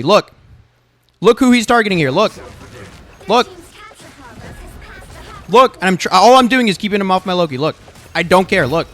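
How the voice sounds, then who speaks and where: A man's voice: high voice, pushed and bright. A young man reviewing his own gameplay footage, insistent and emphatic, repeating himself and swearing freely. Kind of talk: gameplay video review commentary.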